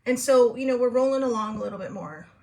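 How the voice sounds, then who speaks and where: A middle-aged host from California, telling a story in a casual, rambling way, laughing often and acting out both sides of an argument. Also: female voice, on the high side, fast talker, darkish tone. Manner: chatty, laughs often, rambling with fillers and restarts; acts out both sides of a quarrel in raised tones. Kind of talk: casual storytelling to a live chat.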